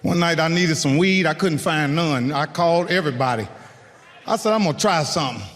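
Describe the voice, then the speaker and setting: A middle-aged man doing stand-up, telling a story with animated delivery and acted-out voices. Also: a little high, fairly quick, in a large hall. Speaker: stand-up comedian. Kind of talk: stand-up routine.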